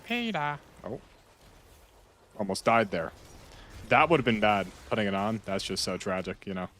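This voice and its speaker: A man chatting casually while playing a game, rambling and repeating himself, with sudden loud outbursts. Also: lowish voice, moderate pace, slight background noise. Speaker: gaming streamer. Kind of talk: casual gameplay chat.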